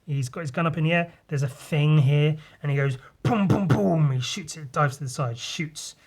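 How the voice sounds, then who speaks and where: A man's voice: on the high side, fairly even intonation, moderate pace. A man hosting a podcast, casually talking through his comic pages and swearing freely. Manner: loose and rambling, swears, mimics sound effects. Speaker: podcast host.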